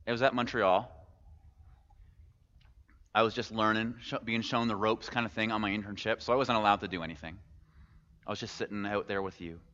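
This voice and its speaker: A man's voice: fairly low pitch, steady tone, a little fast, pauses often, pushed and bright. A man preaching a sermon as a pastor, speaking in a conversational way, posing rhetorical questions and slipping in casual humor. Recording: echoey hall, muffled sound.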